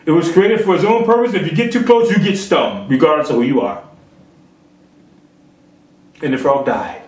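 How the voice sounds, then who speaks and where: A man's voice: fairly high pitch, normal speed, darkish tone. A man preaching a sermon, telling a parable and rising to emphatic peaks. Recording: echoey room, far from mic.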